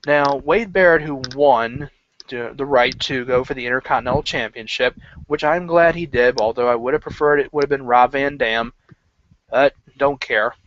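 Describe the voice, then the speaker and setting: A man's voice: medium pitch, normal speed, fairly bright tone, slight background noise. A man talks through his wrestling picks in a loose, rambling way, with lots of "um"s, "like"s and restarts. His voice sits in an ordinary middle register, and the recording is dull and lo-fi. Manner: rambling, filler-heavy, self-correcting. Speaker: wrestling pundit. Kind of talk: casual prediction vlog.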